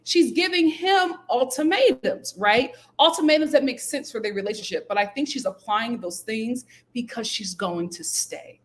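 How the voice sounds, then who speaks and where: A woman giving casual, animated commentary on a reality show, acting out quotes in high, incredulous voices. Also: normal speed, hardly any pauses. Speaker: YouTube reality TV recapper.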